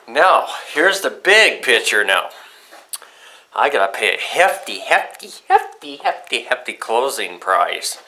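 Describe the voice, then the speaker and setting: A young man vlogging casually, telling a rambling, profane story about his day with excitable outbursts. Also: mid-range voice, rough recording.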